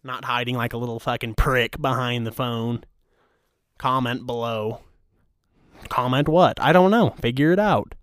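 A man's voice: medium pitch, a little slow, smooth, no echo, clean studio sound. A man hosting a casual podcast, ranting in a crude, mock-angry, teasing way. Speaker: podcast host. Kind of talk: crude comedic rant.

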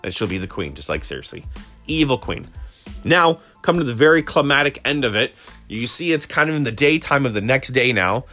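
A man's voice: mid-range voice, sing-song, brisk, sharp tone, soft background music. A man casually recapping a TV episode, rambling and retelling scenes with lots of restarts.

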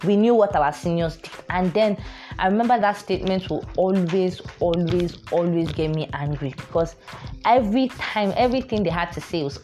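A woman's voice: fairly low pitch, expressive, brisk, darkish tone, soft background music. A young woman with a Nigerian accent, telling a story casually and animatedly, mixing in Pidgin phrases. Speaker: vlogger.

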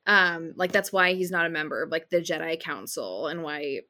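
Woman, low-pitched, bright and forceful, chatty film talk, filler-heavy. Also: moderate pace. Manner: chatty, many "like" fillers, opinionated. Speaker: podcast co-host. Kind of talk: casual chat about films.

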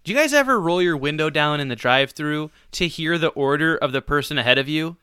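A man co-hosting a podcast spins a long, animated story, laughing at himself as he goes. His voice is bright, smooth and a touch high for a man, heard close and dry with no room around it. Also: a little fast, no room sound. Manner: animated, self-deprecating storyteller with bursts of laughter. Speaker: podcast co-host. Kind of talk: casual storytelling on a sports podcast.

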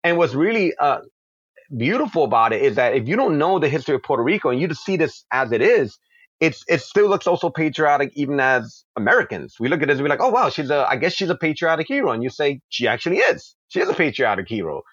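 A comic book creator from New York answers interview questions with passionate, quick-flowing stories and acted-out asides. His voice sits on the high side, sing-song and fairly bright with a slight roughness. The recording is dry, with the highs cut off.

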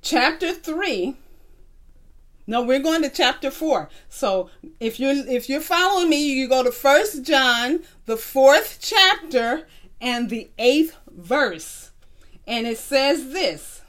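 A woman's voice: high voice, animated, fairly bright tone. A woman teaching a children's Bible lesson in a patient way, asking the class to repeat verses after her. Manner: slow, patient, call-and-response teaching. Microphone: recorded tape.

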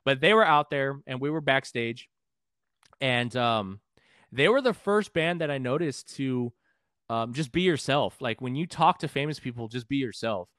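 Man, mid-pitched, dry close mic, podcast guest, casual storytelling, profane, rambling, restarts often. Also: expressive, normal speed, fairly bright tone, no room sound. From San Antonio, Texas.

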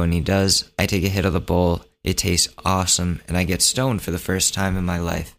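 A man with a very deep, low voice tells a personal story on his podcast. He sounds laid-back and chatty and slips in jokes as he goes. It is a relaxed solo monologue. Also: brisk, gravelly, hardly any pauses. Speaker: podcast host.

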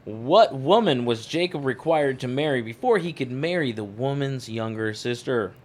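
A man's voice: medium pitch, lively intonation, normal speed, darkish tone. A man hosting a casual Bible quiz with friends, laughing at himself as he reads the questions. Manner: laughing, self-deprecating. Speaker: host asking quiz questions.

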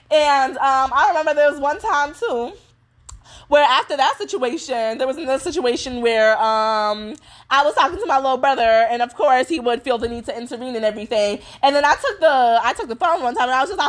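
Casting: young woman, high voice, animated slangy storyteller, swears freely. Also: quick pace. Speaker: vlogger. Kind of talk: casual storytime chat.

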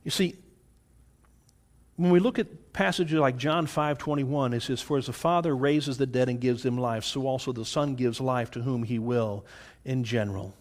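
A man's voice: medium pitch, moderate pace. A man teaching a Bible study lecture in an earnest way, often checking in with his listeners. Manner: earnest, checks in with "all right?".

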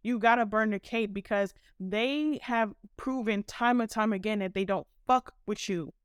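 A woman's voice: a little high, a bit bright, clear, resonant tone, no room sound, studio quality. Fiery, profane woman podcaster. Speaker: podcast host. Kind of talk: impassioned podcast monologue.

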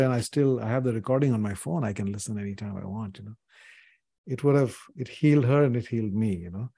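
A man's voice: mid-range voice, warm tone, no room sound. A man in his sixties from India, a podcast guest telling personal stories in an earnest, reflective way, often saying "you know". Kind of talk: reflective interview conversation.

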